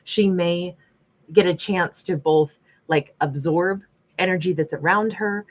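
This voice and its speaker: A woman's voice: fairly low pitch, unhurried. A woman giving a casual tarot reading, chatty and rambling, with many fillers and restarts. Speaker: tarot reader.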